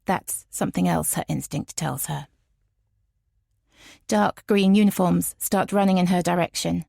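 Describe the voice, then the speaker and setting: Woman, audiobook narration, first person, low voice, gravelly fry, dry close mic. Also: unhurried, warm tone, no room sound.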